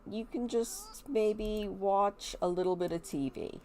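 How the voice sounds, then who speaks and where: A woman's voice: mid-range voice, slow, dark tone, a little hiss or hum. A woman, chatting casually as she narrates a life-sim game and talks to the characters. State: stuffy nose. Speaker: gameplay video host. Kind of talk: casual gameplay commentary.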